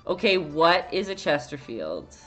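A Canadian woman with a Canadian accent teaches a casual painting lesson on a live stream, chatting, answering viewer chat and laughing often. Her low, slightly bright voice is very animated yet unhurried. Soft music plays in the background.

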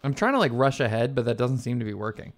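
A man's voice: mid-range voice, quick pace, slight background noise. A man with a Texas accent doing casual, joking commentary while he livestreams a video game. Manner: joking, excitable, swears when frustrated. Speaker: streamer.

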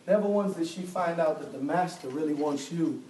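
A man preaching a sermon in a church, telling stories and acting out the dialogue with animated energy. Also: fairly high pitch, moderate pace, crowd noise. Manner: animated storytelling, acts out dialogue with laughter. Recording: echoey hall, mic at a distance.

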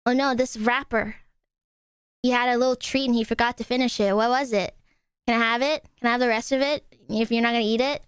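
A young woman with a smooth, clear voice, raised a touch in pitch, joking and teasing on a casual stream. The sound is close and dry, with no room echo. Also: brisk. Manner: playful, teasing, deadpan jokes. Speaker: streamer guest.

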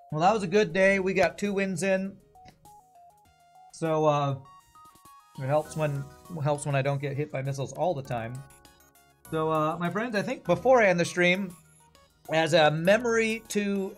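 A male streamer chats loosely while he plays, thinking aloud and laughing easily. His voice sits a little high. Quiet game music runs underneath. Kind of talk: casual gaming commentary.

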